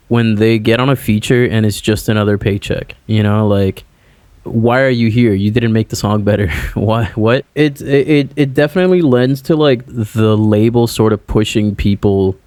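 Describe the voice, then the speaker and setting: A man's voice: on the low side, darkish tone, no room sound. A man, a musician guest, chatting casually on a podcast over a remote call, rambling and filling his talk with "like" and "you know".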